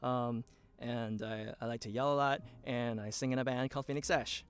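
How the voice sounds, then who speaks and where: A woman co-hosting a livestream lesson, excitable and jokey, reacting loudly as she learns. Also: rumbling low, normal speed, clean tone. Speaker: co-host. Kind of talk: casual livestream chat.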